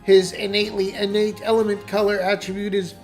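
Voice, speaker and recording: A man doing a high, fretful knight sidekick. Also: flat delivery, brisk, soft background music, lightly acted. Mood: flustered. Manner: fretful, overly formal. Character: nervous, bumbling male knight sidekick.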